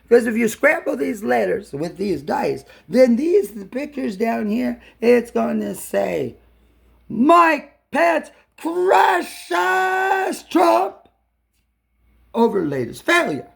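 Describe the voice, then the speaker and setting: Gravelly rambling man shouting at screen. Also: sits high. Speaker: commentator reacting to a video. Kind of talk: rambling hostile commentary.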